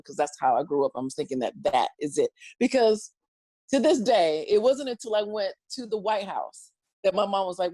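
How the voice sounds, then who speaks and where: A woman guest telling a story in an animated way, laughing often and acting out what people said. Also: a little fast, no room sound. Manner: acts out quotes in loud high voices. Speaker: podcast guest.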